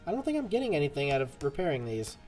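A man's voice: a little high, big pitch swings, very fast, a little mellow, faint music behind. A man streaming a game, chatting casually and rambling to his viewers as he plays. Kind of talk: casual gameplay commentary.

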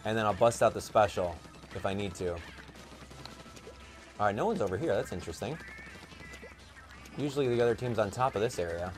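A young man giving casual gameplay commentary, chatty and excitable, thinking aloud with plenty of fillers. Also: on the low side, moderate pace, pauses often, faint music behind. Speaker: gaming YouTuber.

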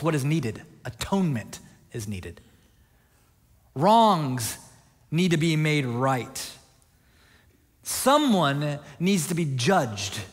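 A male pastor preaching a conversational sermon with a Midwest American accent. He repeats phrases and asks the congregation questions. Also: a little high. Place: church sanctuary. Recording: long reverb of a large hall.

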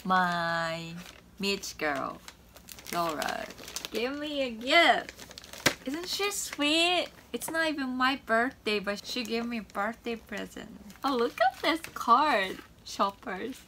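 A woman's voice: a little high, expressive, takes it slowly, noisy background. A woman vlogger chatting casually to her viewers about her shopping haul, bubbly and gushing. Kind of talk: casual chat to camera.

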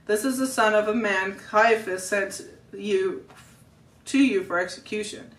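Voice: mid-range voice, unhurried, fairly bright tone, lightly acted. A family reader playing a stern Roman officer who speaks in a stiff, formal way. It is a storybook read-aloud voice. The room is roomy, and the mic is distant.

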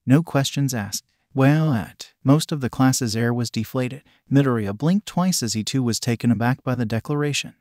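Male story narrator, mid-pitched, steady read, dry close sound. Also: normal speed, few pauses, dry recording. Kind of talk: scripted fan fiction narration.

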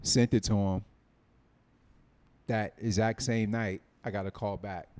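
Laid-back storytelling man, lowish voice. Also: steady tone, a little slow, a little mellow, clear, resonant tone. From North Carolina. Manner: storytelling, acts out quoted dialogue. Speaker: film writer and producer, guest. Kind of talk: casual podcast interview.

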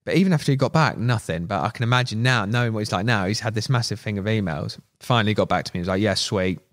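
Talking very fast in a lowish voice, a young man guests on a podcast and spins casual, slangy stories, animatedly performing other people's lines.

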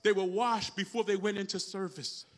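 A male pastor preaching a sermon in a church, calling out to the congregation and rising into shouts. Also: sits high, steady tone, moderate pace. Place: church sanctuary.

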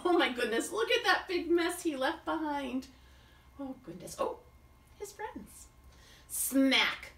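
A woman teacher reading a picture book aloud to a child in an animated way, stopping to ask the child questions. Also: high voice, slow pace, long pauses, reverberant, recorded from a distance. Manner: animated, asks the listener questions.

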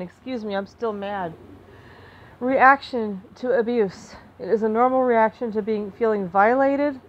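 A woman's voice: a little high, lo-fi sound. Impassioned woman venting to camera. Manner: impassioned, repeats and restarts, flares into anger then softens. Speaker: vlogger. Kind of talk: emotional personal monologue to camera.

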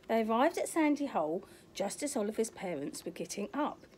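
A woman's voice: a little high, very animated, brisk, a little mellow, slight background noise. Older woman reading a children's picture book. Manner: asks the young listener questions, points at pictures. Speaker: storyteller.

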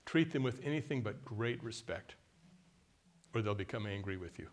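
A man's voice: lowish voice, expressive. An older man from the United States, giving a conversational workshop talk and often quizzing the audience with questions. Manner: mimics a haughty deliberate voice at times. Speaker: workshop speaker.

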